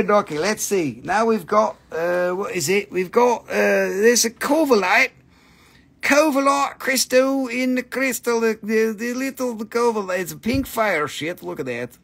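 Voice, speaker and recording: A man's voice: high-pitched, expressive, unhurried, vocal fry, fairly bright tone. A man hosting a live stream gem sale, with joking sales patter and a put-on quirky accent that comes and goes.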